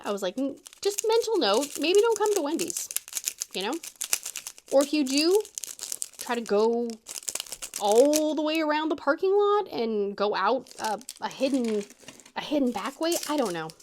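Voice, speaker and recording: A woman chats through a story in a lively, swooping voice that sits a little high, laughing often and jumping up in pitch when she quotes someone. She talks like a friendly craft-channel host. Faint crinkling of packaging sits behind her. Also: normal speed, slight background noise. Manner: animated, laughing, quoting others in a raised voice. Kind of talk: casual storytelling chat.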